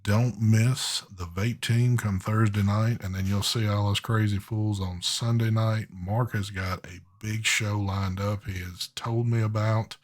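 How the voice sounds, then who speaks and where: A man with a fairly low voice hosts a live stream in casual chat. He talks in an easygoing, drawling way with plenty of ums and pauses. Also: fairly even intonation. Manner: drawling, easygoing, hesitant with fillers. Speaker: host of a live vape show.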